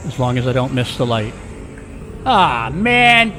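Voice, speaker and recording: A man of mid pitch talks his way through a street walk, tossing out jokes and wandering asides as he goes. Traffic hums faintly behind him in the open air. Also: flat delivery, quick pace, a little mellow. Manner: jokey, rambling asides. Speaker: vlogger, walking tour guide. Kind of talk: casual walking-tour narration. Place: outdoor city streets.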